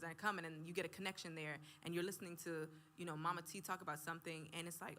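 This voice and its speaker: A woman's voice: on the low side, fairly even intonation, racing, hardly any pauses, bright, forceful tone, a little hiss or hum. A woman guest on a church talk show, talking casually and chattily, telling stories with lots of "like". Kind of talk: casual conversation.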